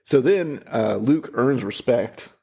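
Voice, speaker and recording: A man's voice: medium pitch, lively intonation, slow, gravelly, a little mellow, husky. A young man from Houston, co-hosting a podcast and casually recapping a film's scenes, laughing often. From Houston, Texas. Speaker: podcast co-host. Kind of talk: casual chat about a film.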